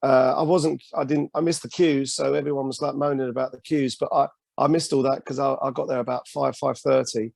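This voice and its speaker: A man with a North London accent, a guest on a podcast video call, telling his story in a relaxed way. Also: medium pitch, a little fast, creaky, few pauses, no echo. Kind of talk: casual video-call interview.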